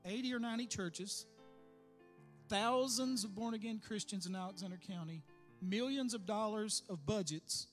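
Male, 50s, high-pitched, relaxed reminiscing testimony, soft music underneath. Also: normal speed. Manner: conversational, reminiscing. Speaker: church member leading prayer. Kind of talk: personal testimony. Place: church sanctuary.

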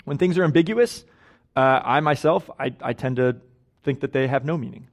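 A man's voice: medium pitch, moderate pace. A young man preaching a casual, conversational sermon in a church, chatty and self-deprecating, often laughing at his own stories. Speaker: guest preacher. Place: church sanctuary.

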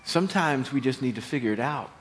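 A man preaching a sermon, telling the story with animated delivery, acted-out voices and repeated words. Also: medium pitch, fast.

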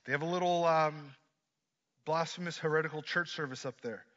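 Bright-voiced man preaching a sermon. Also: fairly high pitch, fairly quick. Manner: dramatic swings from hushed to loud, joking asides. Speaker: pastor. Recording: dull lo-fi sermon recording.

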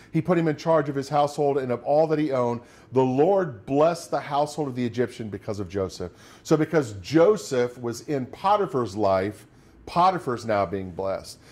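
A man's voice: fairly high pitch, a little mellow. A middle-aged man preaching a sermon as pastor, talking conversationally and acting out quoted lines of despair.

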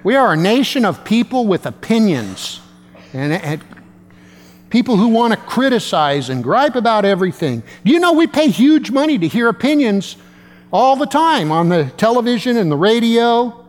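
A man's voice: sits high, big pitch swings, moderate pace, long reverb tail. A male pastor preaching a sermon in a conversational way, with self-deprecating humor.

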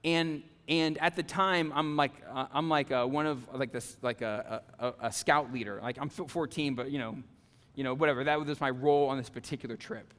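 A male pastor preaching a conversational sermon, animated, with frequent "okay?" and "right?" asides to the congregation. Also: medium pitch, brisk, in a large hall. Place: church sanctuary.

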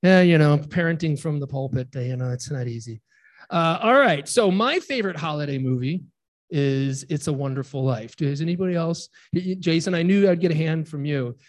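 A man in his forties, a pastor giving a relaxed, chatty sermon and joking with his congregation. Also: a little high, moderate pace. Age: 40s. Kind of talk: informal sermon with congregation banter.

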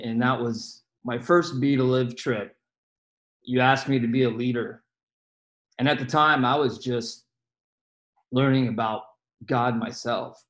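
A man with an ordinary middle-pitched voice pays an earnest farewell tribute. He talks haltingly, with frequent ums and pauses. The sound comes through a home video-call mic. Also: poor audio. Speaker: church member giving a farewell tribute. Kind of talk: heartfelt farewell speech.

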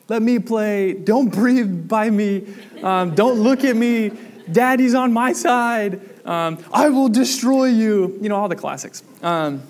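A young man with a fairly high voice preaching a sermon. He talks in a loose, chatty way with plenty of ums and likes. He acts out the voices in his stories loudly. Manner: casual storytelling with many fillers, acts out quoted voices loudly. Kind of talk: sermon with a personal story.

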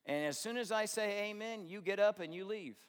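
A man with a high voice delivers a sermon from a church sanctuary, and his words ring out with a long hall reverb. He preaches in an animated, storytelling way, slipping into different voices to act out everyday conversations. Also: a little fast, clear, resonant tone. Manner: animated storytelling, acts out both sides of dialogues. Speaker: pastor.

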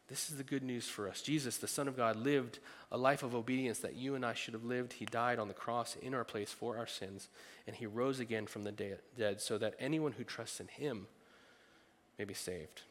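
A middle-aged man preaching a sermon as a pastor, animated, with playful asides and acted-out voices. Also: mid-range voice, a little fast. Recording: long reverb of a large hall.

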